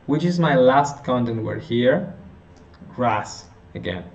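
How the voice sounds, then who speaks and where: A man teaching an intonation lesson, working through example sentences slowly, often restarting and correcting himself. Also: mid-range voice, lively intonation, lo-fi sound. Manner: slow, halting, with frequent restarts and self-corrections. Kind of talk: phonetics lesson explanation.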